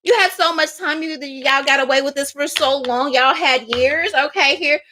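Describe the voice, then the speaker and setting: A sassy woman doing a livestream tarot reading. Her voice sits high and bright, with sharp edges. She talks emphatically, full of mocking asides. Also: moderate pace, a little hiss or hum. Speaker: psychic tarot reader.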